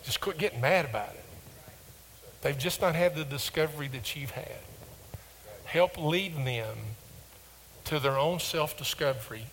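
A man's voice: unhurried, pauses often, slight background noise, poor audio. A man preaching a sermon to a congregation, calling for the room to repeat verses back to him. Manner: call-and-response, gets louder and higher reading verses.

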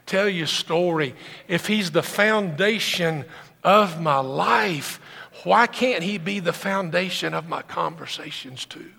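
A man preaching a sermon as pastor, building into impassioned, loud, high-pitched stretches. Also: takes it slowly, creaky, slightly rough, long reverb tail.

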